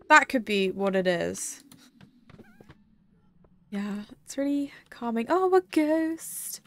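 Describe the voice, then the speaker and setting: Gravelly-voiced woman streaming games. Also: mid-range voice. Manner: rambling, giggly, talks to chat between game remarks. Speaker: game streamer. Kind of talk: casual live-stream chat while gaming.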